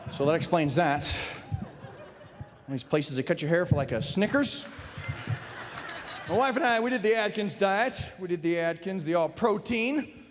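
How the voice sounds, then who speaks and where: Man, stand-up comic, wry delivery, high pitch, lively intonation, long hall reverb. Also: a little slow, pauses often, slight background noise. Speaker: stand-up comedian. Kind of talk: stand-up comedy set. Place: large theater stage. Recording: live hall reverb, faint ambience.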